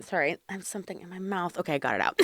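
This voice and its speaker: A woman hosting a casual podcast, chatty and quick to laugh, with casual swearing. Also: medium pitch, bright, forceful tone, no room sound, clean studio sound. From Washington State. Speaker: podcast host, cannabis consultant.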